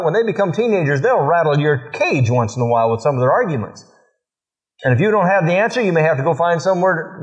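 Folksy middle-aged pastor, muffled sermon. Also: male voice, fairly high pitch. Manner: folksy storytelling, acts out dialogue with his children. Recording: muffled lo-fi recording.

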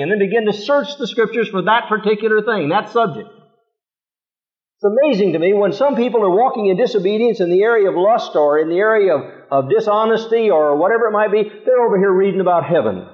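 A man preaching a sermon with a fairly high voice, reading scripture and firing off pointed rhetorical questions. The recording is thin and tinny, like it came down a phone line. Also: expressive, brisk. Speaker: pastor.

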